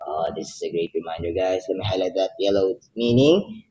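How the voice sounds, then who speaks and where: Speaking a little fast in a low, dark voice, the man reads from the Bible, remarks on it with feeling and fervor, and finishes in prayer. The devotional recording sounds dull.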